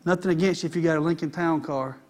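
A man's voice: fairly high pitch, fairly even intonation, fast talker, darkish tone. A man preaching a sermon in a folksy, conversational way.

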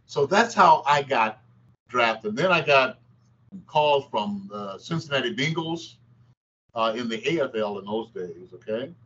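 In a storytelling interview, an older man who once played basketball animatedly acts out the quotes in his tales. His voice sits in the mid-range, and the dull lo-fi recording carries a little hiss or hum.

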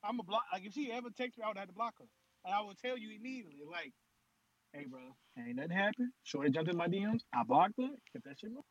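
A young man in casual podcast banter, animated and slangy, laughing often. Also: high-pitched, very fast. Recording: dull lo-fi sound.

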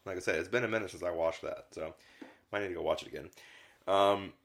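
A man's voice: low-pitched, fast, vocal fry, a bit bright. A man co-hosting a casual film podcast, rambling with lots of fillers and restarts. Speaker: podcast co-host reviewing films. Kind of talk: casual chat.

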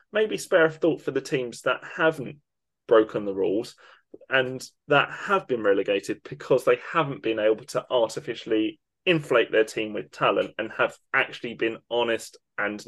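A man's voice: mid-range voice, moderate pace, fairly bright tone. A man co-hosting a football podcast, ranting with emphatic indignation. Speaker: podcast co-host. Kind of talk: opinionated football podcast rant.

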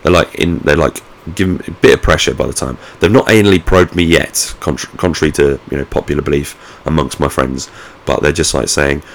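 A man's voice: extremely low pitch, a little fast, creaky, few pauses. A man vlogging from home, telling a rambling anecdote in casual, sweary, self-mocking talk. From United Kingdom. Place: at home, indoors.

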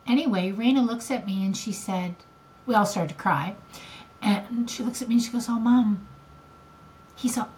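A woman's voice: mid-range voice, a little hiss or hum. An older woman co-hosting a podcast, telling a family story in a rambling, emotional way. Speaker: podcast co-host. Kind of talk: casual chat.

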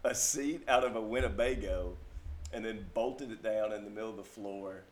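Rambling Southern man, lowish voice. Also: moderate pace. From Mississippi, US. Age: 30s. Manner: rambling storyteller, heavy on filler "like". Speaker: podcast co-host. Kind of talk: casual chat.

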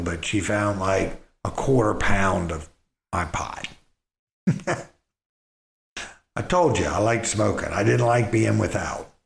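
A middle-aged man casually telling a personal story in a rambling, halting way, full of restarts and fillers. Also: lowish voice. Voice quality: gravelly. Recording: roomy echo.

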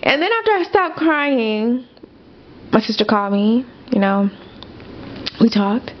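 A woman's voice: on the high side, sing-song, a little slow, muffled recording, a little hiss or hum. A young adult woman hosting a podcast, telling a personal story in a candid, chatty way with lots of fillers and asides to her listeners. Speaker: podcast host.

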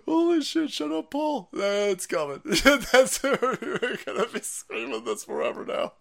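A man streaming ranting commentary, foul-mouthed and loud, laughing and jumping between mutters and yells. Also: very high voice, animated, takes it slowly, creaky, few pauses.

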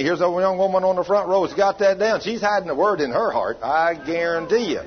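In a church hall, a man with a high-pitched voice preaches a little fast with hardly any pauses, telling a healing story in a folksy, emphatic way. The recording is dull and lo-fi.

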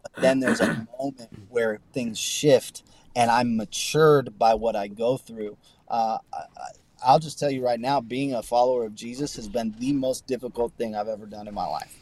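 Male pastor guest, medium pitch, sincere podcast storyteller, dry room. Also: fairly even intonation, normal speed, darkish tone, no echo. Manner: earnest storytelling with many restarts. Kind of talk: conversational testimony on a podcast.

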